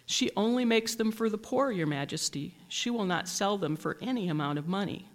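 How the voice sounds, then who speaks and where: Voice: mid-range voice, expressive, a little fast, lightly acted. A storybook reader voicing a respectful soldier addressing his king.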